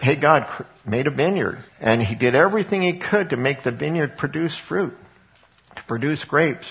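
A man's voice: medium pitch, gravelly, dull audio. A man preaching a conversational sermon, retelling a parable with frequent restarts and asides. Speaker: pastor.

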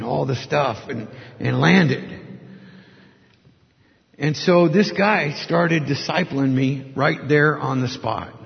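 A man telling a personal testimony story, earnest and halting, acting out the people he quotes. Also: mid-range voice, gravelly. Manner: earnest, halting, animated when quoting others. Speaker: testimony speaker. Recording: dull audio with long hall reverb.

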